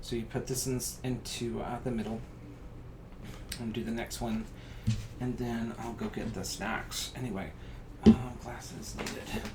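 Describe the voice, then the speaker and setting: A man with a Southern US accent hosting a live crafting stream, chatting and rambling through stories with sudden excited bursts. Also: measured pace, long pauses. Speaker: craft show host. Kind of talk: casual live-stream chat while crafting. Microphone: live-stream camera mic. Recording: echoey room with rumbling background noise.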